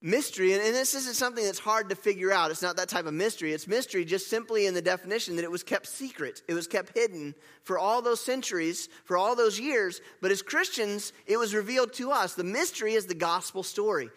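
A bright, high-voiced male pastor delivers an animated sermon, swinging from casual asides to emphatic declarations. His voice rings out in a church sanctuary with a long hall reverb trailing each phrase. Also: fairly quick, hardly any pauses.

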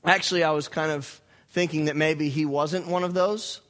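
A young adult man, a pastor, telling a story in a sermon with animated, self-mocking humor. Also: fairly high pitch, normal speed.

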